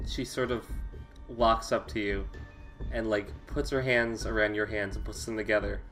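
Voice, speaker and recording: A man running a tabletop game, describing scenes and calling for rolls in a relaxed way. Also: on the low side, normal speed, soft background music. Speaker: game master.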